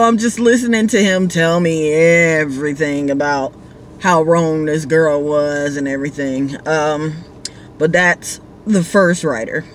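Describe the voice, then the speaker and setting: A woman's voice: low-pitched, a bit bright, a little hiss or hum. A woman who drives for a rideshare service, casually telling a story with amused laughs.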